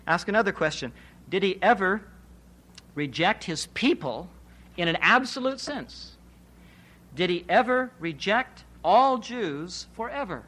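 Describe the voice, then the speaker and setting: Emphatic preacher man, higher-pitched voice. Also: sing-song, a little slow, pushed and bright. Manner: emphatic, rhetorical questions, repeats key phrases. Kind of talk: expository Bible sermon.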